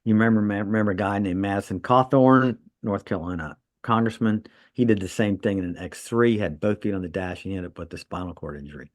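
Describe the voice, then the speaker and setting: A man's voice: lowish voice, fast talker, hardly any pauses, no room sound. A man co-hosting a podcast, a trauma surgeon telling stories in casual chat and laughing at his own jokes.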